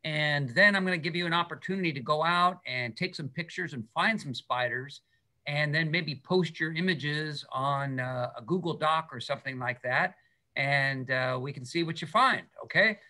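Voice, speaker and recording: A man's voice: a little high, moderate pace, sharp tone. A middle-aged man, a science teacher, giving an enthusiastic, chatty talk with slides on a video call and checking in with "okay?". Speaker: guest speaker, middle school science teacher. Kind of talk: animated public talk with slides.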